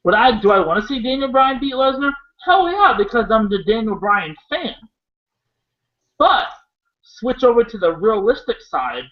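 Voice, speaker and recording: A very high-pitched man from Iowa, USA co-hosts a casual wrestling chat at a normal speed. Excitable and profane, he rambles off topic. The recording is lo-fi.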